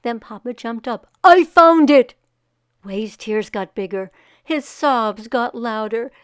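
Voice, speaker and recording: A woman reading a children's picture book aloud, giving the characters voices and pausing to ask young listeners what will happen next. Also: a little high, smooth, no echo, clean studio sound.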